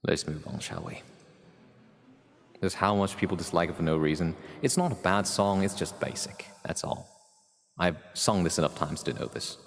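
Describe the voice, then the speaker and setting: A male streamer chatting wryly to viewers in a put-on, deliberately bad British accent. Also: low voice, vocal fry, voice pushed down. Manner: wry, mock-posh, chatting to chat. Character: streamer doing an exaggerated mock British gentleman. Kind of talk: live stream chat to viewers. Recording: reverby room with background music.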